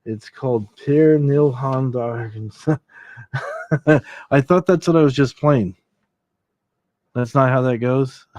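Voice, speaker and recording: A relaxed man hosts a late-night livestream, reading out song requests and laughing at himself. His voice is mellow and unhurried. He sits close in a dry room, with soft guitar in the background. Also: mid-range voice, dry recording, lo-fi sound. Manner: jokey, laughs often, reads chat requests aloud. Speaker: livestream host.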